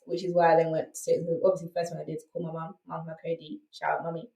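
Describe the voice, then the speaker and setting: A woman's voice: deep voice, completely flat delivery, racing, creaky, warm tone, reverberant, recorded from a distance, poor audio. A woman with a South London accent, a podcast guest telling her story candidly and emphatically, often checking in with "right?". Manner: emphatic, rhetorical asides like "right?".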